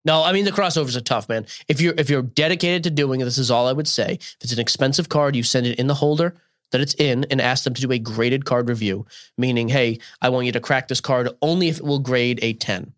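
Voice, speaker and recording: Opinionated male co-host, quick answers, dry close mic. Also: medium pitch, no echo. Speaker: podcast co-host. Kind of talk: casual chat.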